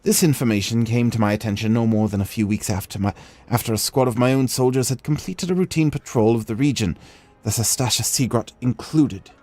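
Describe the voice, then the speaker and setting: A man voicing a formal, stern naval commodore in a game, speaking in a measured, official way. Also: mid-range voice, dark tone, close to an everyday voice. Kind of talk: reading game dialogue aloud on a stream.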